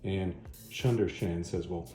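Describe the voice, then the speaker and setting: A man's voice: sits low, unhurried. A man casually retelling a comic story, chatty, tossing off bits of the characters' dialogue as he goes. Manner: chatty, acts out quoted dialogue in passing. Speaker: comic reviewer. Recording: echoey room, faint background music.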